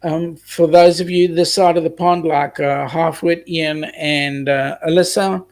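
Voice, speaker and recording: A man's voice: on the high side, fairly even intonation, unhurried. An Australian man hosting a casual live stream, chatting and reading out viewer comments with plenty of ums. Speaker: host reading live chat.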